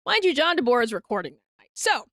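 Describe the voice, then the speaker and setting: A woman's voice: sits high, fast, dry recording, clean studio sound. A woman comedian with an Upper Midwest American accent, chatting on a podcast and telling stories with acted-out quotes and frequent laughs. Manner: animated storyteller, acts out quotes, laughs often. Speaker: comedian guest. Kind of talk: casual podcast chat.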